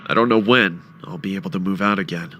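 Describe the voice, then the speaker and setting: A man narrating a first-person horror story with a dramatic, expressive delivery. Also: low-pitched, quick pace, slight background noise.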